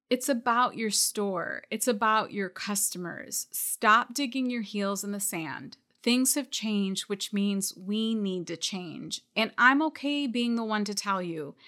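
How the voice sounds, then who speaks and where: Woman business coach, bright and forceful tone, direct and encouraging, podcast-style talk. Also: mid-range voice. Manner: direct, encouraging, calls listeners out.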